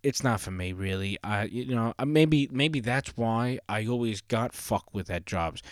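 A man's voice: on the low side, dry recording, studio quality. A man hosting his own solo podcast, talking casually in a rambling, profane way with many fillers. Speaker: podcast host.

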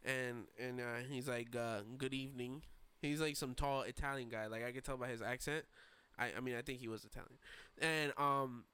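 A man's voice: medium pitch, fairly even intonation, normal speed, hardly any pauses, pushed and bright, clear, resonant tone, no echo. A young man, rambling through a story on a casual podcast and acting out quoted voices. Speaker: podcast host.

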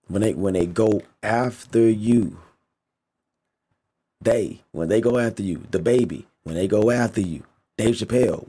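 A man's voice: lowish voice, darkish tone, breathy edge. A man giving a casual, emphatic opinion rant, repeating himself for stress, using slang and swearing a lot. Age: adult. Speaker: vlogger.

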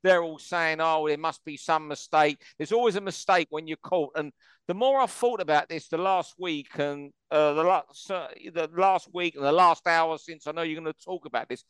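Male host, slightly higher voice, smooth and clear, dry close sound, emphatic. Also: normal speed, fairly bright tone, no room sound. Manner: emphatic, opinionated. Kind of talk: boxing talk show discussion.

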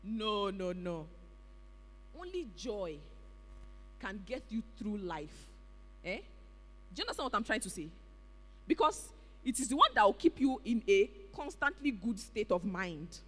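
A preacher with a Nigerian accent delivering an animated, exclamatory sermon in a church hall. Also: medium pitch, normal speed, pauses often. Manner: animated, exclamatory, with pidgin interjections. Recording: reverberant hall.

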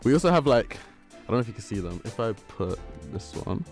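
A man's voice: on the low side, very animated, brisk, darkish tone, soft background music. A young man co-hosting a casual podcast in a small studio, talking in a rambling way with many restarts and fillers. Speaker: podcast co-host. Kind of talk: casual chat. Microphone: studio microphone.

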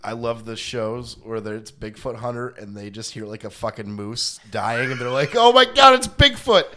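A man's voice: fairly low pitch, flat delivery, normal speed, fairly bright tone. A man co-hosting a casual podcast, joking, laughing and swearing as he talks. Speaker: podcast co-host.

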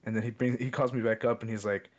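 A man's voice: medium pitch, little pitch movement, fast talker, slight background noise. Rambling young man telling a story. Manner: rambling, repeats "I was like". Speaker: podcast co-host. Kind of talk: casual storytelling chat. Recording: dull lo-fi sound.

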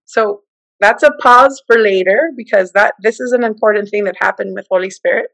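A middle-aged woman telling a personal story in casual, animated talk, acting out what people said. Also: a little fast, gravelly, dry recording, poor audio. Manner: animated, acts out quoted speech with big pitch jumps. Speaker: guest telling her testimony.

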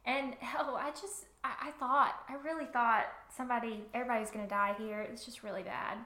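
Woman, eager fan book chat, bright and high, echoey room. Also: fairly even intonation, fairly quick. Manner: enthusiastic, giggly, stammers on restarts. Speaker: book podcast co-host. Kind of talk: casual chat.

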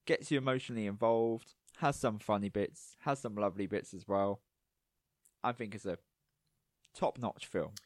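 A man, co-hosting a podcast in a relaxed, rambling chat full of fillers. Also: lowish voice, normal speed, no room sound, clean studio sound. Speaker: podcast co-host. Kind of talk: casual chat.

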